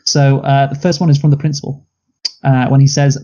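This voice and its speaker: Man, movie review co-host, mellow dark tone, dull lo-fi sound, blunt casual chat. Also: mid-range voice, level tone, fairly quick. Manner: blunt, laughs at own picks, quotes lines.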